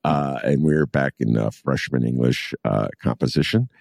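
A man hosting a podcast conversation, rambling with many fillers and an animated delivery. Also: extremely low pitch, moderate pace, gravelly, dry recording. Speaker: podcast host.

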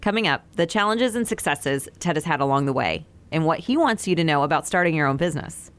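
Casting note: a fast, engaged interview host who jumps in with questions. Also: mid-range voice, lively intonation, a bit bright, clean tone. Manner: quick, prompting interjections. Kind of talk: interview, asking follow-up questions.

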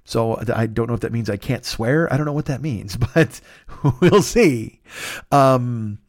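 A man in his fifties hosting a casual solo podcast, rambling and swearing as he tells animated stories. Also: mid-range voice, unhurried, no room sound, studio quality. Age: 50s. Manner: profane, rambling, animated storytelling. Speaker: podcast host.

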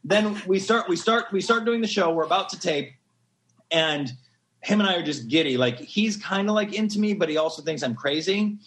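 A man in his thirties, a podcast guest, telling a story in a casual, animated, gushing way and acting out the quotes. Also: high voice, normal speed.

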